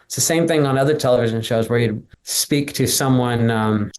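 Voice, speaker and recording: A man's voice: medium pitch, normal speed, a little mellow. Guy rambling thru old set stories in a podcast interview, acts out the quotes. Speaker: guest, former background actor. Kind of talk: casual interview storytelling.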